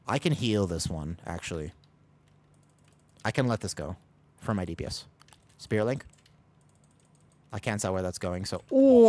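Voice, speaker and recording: A fairly low-pitched man talks casually to his viewers as he plays, drifting between game calls and self-deprecating jokes. His talk is loose and rambling, full of asides to chat. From United States. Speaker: streamer. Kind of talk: casual gaming stream chat.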